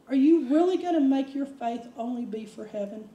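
A woman's voice: a little high, normal speed, few pauses, warm tone. A woman preacher delivering a sermon in a conversational, emphatic way, sometimes acting out quotes. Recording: roomy echo, distant mic.

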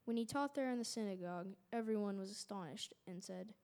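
A woman reading a scripture passage aloud in a steady, measured way. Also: mid-range voice. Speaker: scripture reader.

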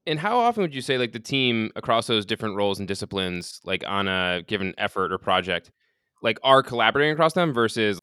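A male podcast host asking a follow-up question, quick and probing, with many "like"s. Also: fairly low pitch, lively intonation, a bit bright, clear, resonant tone. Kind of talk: interview questions.

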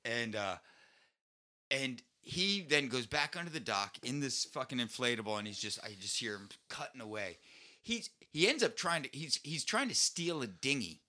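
A man co-hosting a podcast and telling a story in loose casual chat. His voice is very bright and his pitch swings widely. He swears freely and leaps up in pitch whenever he quotes someone. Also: sing-song, moderate pace. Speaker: podcast co-host.

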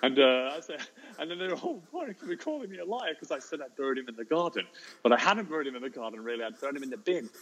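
A man, a teacher telling an animated anecdote in an interview, jumping into high voices for the children he quotes. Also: fast talker, a little hiss or hum, low-quality recording. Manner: lively storyteller, acts out children's voices in high pitch. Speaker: teacher and storyteller guest.

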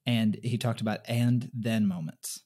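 A man's voice: lowish voice, unhurried. A man hosting an interview, talking casually with frequent stammering restarts. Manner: warm, chatty, stammering restarts. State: emotional, sniffling. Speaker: podcast host.

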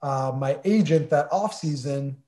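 A man in his forties, guesting on an interview, tells a casual anecdote in a chatty way, full of fillers and acted-out conversations. His voice is on the high side, warm, at a measured pace.

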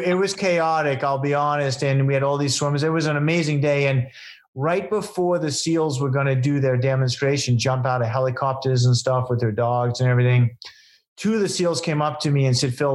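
A man's voice: mid-range voice, fairly even intonation, brisk. A man telling stories about his event in a conversational interview, earnest and rambling, with many fillers and restarts. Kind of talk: casual storytelling in an interview.

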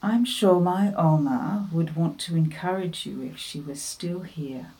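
Slow, mellow-voiced woman giving a devotional. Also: fairly low pitch, low-quality recording. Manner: earnest, gentle encouragement. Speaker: devotional speaker. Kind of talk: devotional talk.

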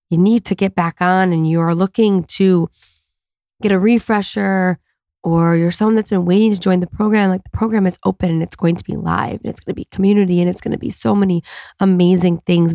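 This woman's voice runs low with fairly even intonation, brisk and mellow, in studio-quality audio with no room sound. She's a podcast host and coach doing a solo episode from home, rambling earnestly and confessionally, full of fillers.

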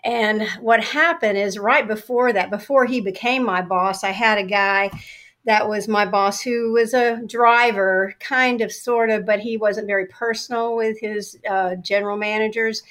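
A middle-aged woman shares a story from her working life as an interview guest. She tells it with energy and acts out her own past replies, at an ordinary mid-range pitch. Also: fairly even intonation, unhurried, fairly bright tone.

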